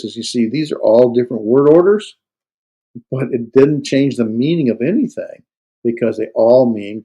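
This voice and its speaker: A Greek instructor with a mellow, husky, mid-range voice teaches a grammar class in this recorded classroom lecture, which has poor audio. He explains step by step, using many fillers and restarts and hitting key words hard.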